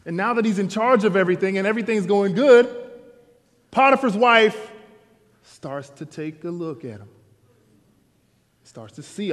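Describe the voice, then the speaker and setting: A man preaching a sermon to a congregation in a casual, animated storytelling way. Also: high voice, moderate pace, pauses often, big-room sound. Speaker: pastor. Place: church sanctuary.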